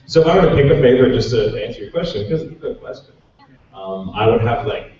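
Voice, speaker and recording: A man's voice: medium pitch, expressive, a little mellow. A man chatting at a fan panel, echoey. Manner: chatty, laughing, quick asides. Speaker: convention panelist. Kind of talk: casual panel talk to fans. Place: convention panel room. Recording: echoey hall from far off, dull.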